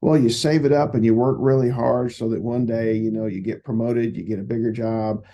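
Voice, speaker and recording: A man's voice: medium pitch, steady tone, a little fast, highs cut off, close to an everyday voice. A man voicing a pushy male railroad boss in a spoken anecdote. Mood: coaxing.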